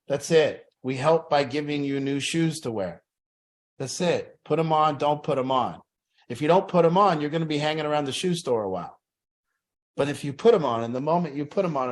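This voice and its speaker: A man's voice: a little high, darkish tone. Earnest man leading a support group. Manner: earnest, repetitive, plain-spoken, preachy.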